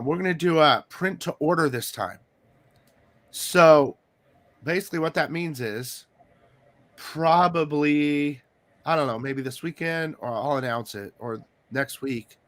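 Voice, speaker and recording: A man hosting a casual interview about comic collecting, chatty and excitable, coughing from allergies. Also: medium pitch. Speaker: host.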